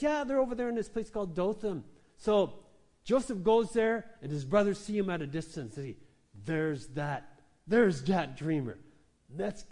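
High-voiced animated preaching man. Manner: animated storytelling, acts out quoted voices. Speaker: pastor. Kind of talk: sermon.

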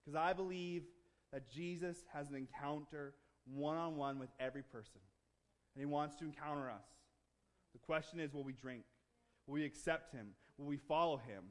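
A man preaching a sermon to his church, moving from relaxed, joking conversation to emphatic, building declarations. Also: on the high side, moderate pace. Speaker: pastor.

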